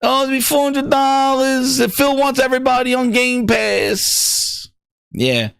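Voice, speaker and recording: A man hosting a gaming news livestream, ranting in an excitable, profane and mocking way. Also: extremely high pitch, measured pace, creaky, clear, resonant tone, dry recording, clean studio sound. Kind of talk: livestream rant.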